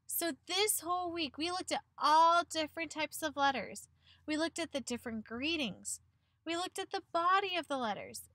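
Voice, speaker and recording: A woman's voice: high-pitched, fairly bright tone, no echo. A woman teacher giving a picture-book read-aloud lesson to children, encouraging them and asking questions that she answers herself.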